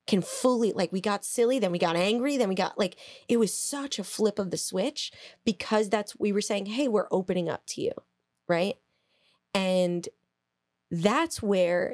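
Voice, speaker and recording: A woman co-hosting a podcast, telling a story in a casual, animated way, laughing, swearing and acting out quotes. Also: medium pitch, no echo. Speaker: podcast co-host.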